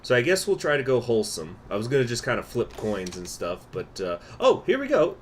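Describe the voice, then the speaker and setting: A man's voice: medium pitch, wildly swooping pitch, a little fast, a little hiss or hum. A man casually commentating his strategy game on a live stream, chatting with viewers as he goes. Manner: chatty, answers chat, many fillers.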